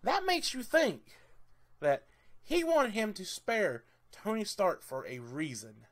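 Excitable rambling man reviewing a movie. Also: high voice, slow pace. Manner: enthusiastic, rambling with many "uh"s and "I mean"s; excitable and laughs easily. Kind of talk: casual movie review vlog.

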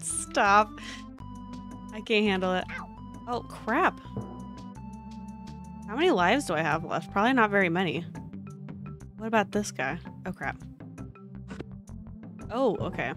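A woman streamer talking to her viewers during a live game stream, excitable, often gasping and exclaiming. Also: mid-range voice, moderate pace, long pauses, soft background music. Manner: chatty, addresses her viewers directly.

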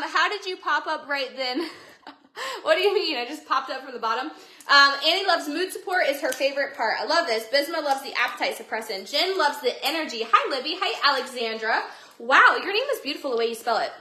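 A woman's voice: high voice, lively intonation, brisk, pushed and bright, a little hiss or hum. A woman hosting a casual livestream from home into a phone, chatty and bubbly as she greets viewers by name. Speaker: livestream seller. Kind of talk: casual livestream sales chat. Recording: echoey room.

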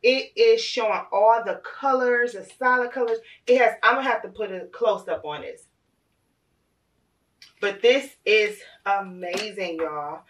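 A woman, gushing and excitable as she unboxes on her vlog. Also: mid-range voice, measured pace, recorded from a distance. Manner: gushing and excitable, addresses viewers as "y'all". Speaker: vlogger.

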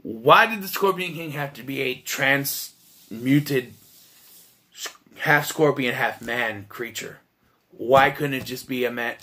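A man's voice: mid-range voice, takes it slowly, bright, forceful tone. A man giving a casual, blunt and profane spoken film review, with frequent restarts as he talks.

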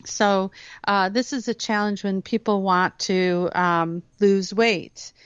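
A woman guest on a talk radio show explaining hypnosis in a lively way, acting out the voices she quotes. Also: medium pitch, takes it slowly, smooth, dry recording. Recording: dull lo-fi radio audio.

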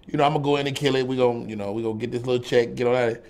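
A middle-aged man hosts a relaxed talk show conversation. He tells stories with easy, conversational rhythm and voices the people he quotes. His pitch sits right in the middle range for a man. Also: very fast. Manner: storytelling, acts out quoted voices. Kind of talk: casual chat.

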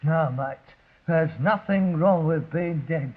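A man's voice: on the high side, slow. An actor playing a frustrated, self-pitying young rag-and-bone man, sardonic and theatrical. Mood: morbid sarcastic. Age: young adult. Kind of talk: 1960s television sitcom acting. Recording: dull lo-fi 1960s TV sound.

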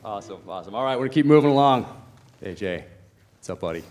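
Man, panel moderator, very deep voice, enthusiastic, filler-heavy, echoey venue hall. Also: lively intonation, racing, darkish tone. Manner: enthusiastic, friendly, many fillers. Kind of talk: casual interview questions. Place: screening venue stage.

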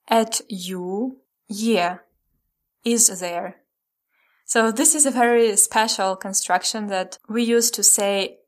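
A woman hosting a podcast language lesson, saying words slowly and repeating them for learners. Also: medium pitch. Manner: slow, careful repetition of words for learners. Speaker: language teacher and podcast host.

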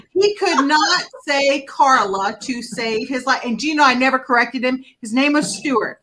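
Bright high-voiced woman hosting a live chat. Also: normal speed, few pauses, low-quality recording. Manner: chatty, animated storyteller. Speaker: talk show host.

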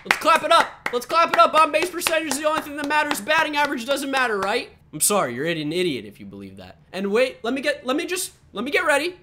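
A man's voice: extremely high pitch, very animated, quick pace, hardly any pauses, pushed and bright, a little hiss or hum. A young man delivering a heated sports rant as a fan vlogger, profane and sarcastic.

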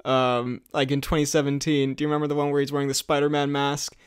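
A man's voice: mid-range voice, completely flat delivery, quick pace, clear, resonant tone. A man hosting a podcast in casual chat, talking loosely and laughing often between remarks. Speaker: podcast host.

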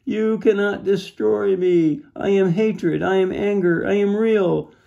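Brief: a cruel storybook shadow spirit, jeering and gravelly, voiced by a man. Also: high voice, steady tone, slow, lo-fi sound, pitched above the performer's own voice, heavily acted. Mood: wailing. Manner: mocking, loud, wails when beaten. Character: sneering evil shadow spirit, mocking and cruel.

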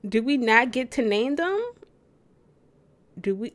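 A young woman in her twenties giving casual let's play commentary, excitable and gasping in disbelief. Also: a little high, a little slow. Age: 20s. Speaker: gaming YouTuber.

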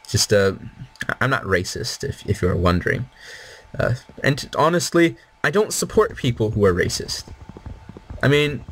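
A man's voice: mid-range voice, fairly bright tone, slight background noise. A young man giving rambling, casual commentary while playing a game, with many fillers and restarts. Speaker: gaming video creator.

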